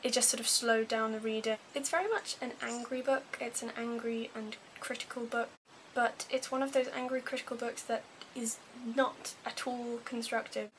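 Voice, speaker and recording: A woman's voice: a little high, a little hiss or hum, rough recording. A woman with a posh English accent giving a chatty, wry, self-deprecating book review. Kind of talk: casual book review vlog.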